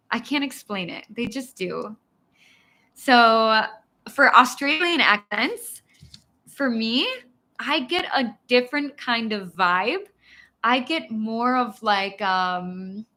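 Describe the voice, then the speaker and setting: A bright, slightly high American woman in her thirties hosts a live-stream Q&A as an English teacher. She takes her time, laughing at herself often. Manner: giggly, self-deprecating.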